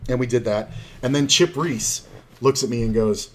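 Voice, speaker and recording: A man's voice: mid-range voice, moderate pace. A middle-aged man who streams, telling casual, rambling poker stories with plenty of swearing and acted-out quotes.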